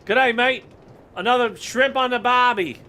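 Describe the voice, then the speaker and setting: A man's voice: very high-pitched, moderate pace, sharp tone, voice pushed up. A man putting on a broad mock Australian accent as a swaggering, jokey bushman. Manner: broad playful impression, swaggering quips. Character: hearty male Australian bushman, cocky and jokey.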